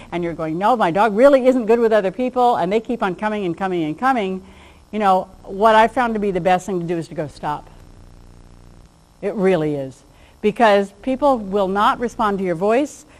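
A woman gives a relaxed lecture to a class on handling dogs. She keeps it chatty and acts out little exchanges as she goes. Now and then she laughs at her own jokes. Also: mid-range voice, low-quality recording. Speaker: dog behavior trainer.

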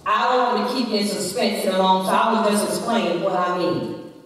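A woman's voice: medium pitch, fairly even intonation, normal speed. A woman giving a women's day sermon in a church, preaching dramatically and emphatically and telling a family story. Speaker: church speaker. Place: church sanctuary. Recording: echoey church hall from far off.

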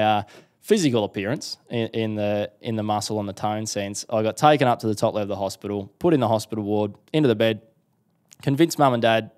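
Young Australian male guest, animated storyteller, low and smooth. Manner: animated storyteller acting out quotes. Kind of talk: casual storytelling interview.

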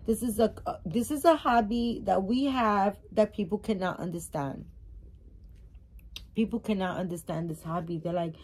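A woman's voice: medium pitch, moderate pace, darkish tone, husky. A woman doll collector vlogging casually as she unboxes a new doll, rambling and emotional as she gushes over it.

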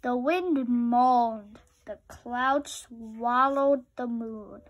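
A woman reading a children's picture book aloud with slow, expressive storytelling. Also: a little high, muffled recording.

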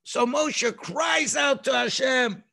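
A man teaching a children's religious class over a video call, telling the story in an animated way and acting out the voices. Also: very high-pitched, slow, vocal fry, shouting.

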